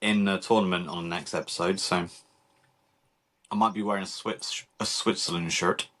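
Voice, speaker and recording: A man's voice: low voice, fairly even intonation, moderate pace, a bit bright. A man co-hosting a casual movie podcast, chatting and teasing dryly. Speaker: podcast co-host. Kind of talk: casual chat.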